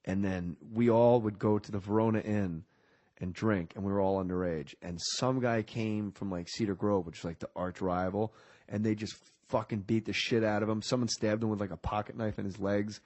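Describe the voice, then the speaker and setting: A man's voice: on the low side, fairly even intonation, moderate pace, darkish tone, muffled recording. A man in his forties from New Jersey, a podcast guest who tells jokey stories and keeps slipping into other people's voices. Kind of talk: casual storytelling chat.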